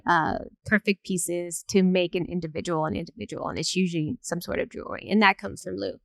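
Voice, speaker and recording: Chatty lady moderating a panel, lots of ums, clear tone. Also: medium pitch, dry recording. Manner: chatty, lively, with many fillers. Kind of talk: panel storytelling.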